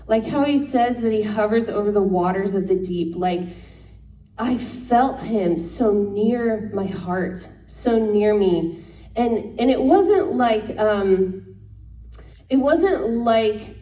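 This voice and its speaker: A woman in her thirties gives a personal faith testimony in a mellow, warm voice. She talks earnestly and haltingly, circling back and restarting her sentences. The mic sits some way off in a roomy, echoing space. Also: mid-range voice, far from the mic. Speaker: worship leader.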